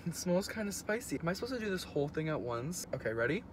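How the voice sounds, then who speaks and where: A woman's voice: on the low side, big pitch swings, fast, slight background noise. A young woman in her late teens chatting to her phone camera in a casual, bubbly vlog, full of filler words. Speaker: vlogger. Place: car and stores, out and about.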